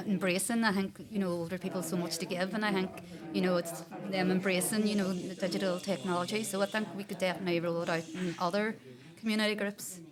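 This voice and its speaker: A woman's voice: medium pitch, steady tone, fast talker, hardly any pauses. A woman, a council coordinator, speaking hesitantly in a casual interview. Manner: hesitant, many "um" and "I think". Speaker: council age friendly coordinator. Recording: background chatter of a group.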